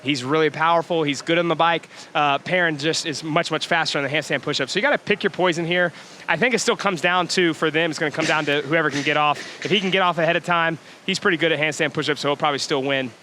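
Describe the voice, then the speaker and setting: Bright-voiced man doing gym commentary. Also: fairly high pitch, quick pace, a little hiss or hum. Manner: energetic, chatty, laughs often. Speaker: workout commentator. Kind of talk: live workout commentary.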